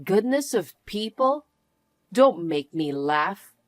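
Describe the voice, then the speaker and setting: An actress playing a wronged young wife who answers with cool, firm defiance. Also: female voice, a little high, expressive, moderate pace, no echo, lightly acted. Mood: defiant. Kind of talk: narrated drama acting.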